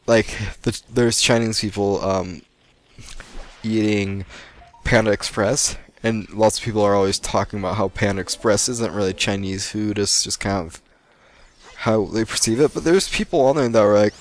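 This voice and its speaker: A young American man with a lowish voice gives post-recorded let's play commentary at normal speed. He's rambling and chatty, laughing often.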